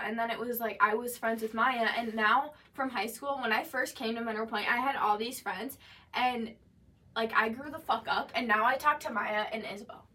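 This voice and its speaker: A woman's voice: a little high, fairly even intonation, moderate pace, pushed and bright, far from the mic. A young woman co-hosting a podcast in casual chat, rambling with lots of "like" and swearing, laughing easily. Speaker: podcast co-host.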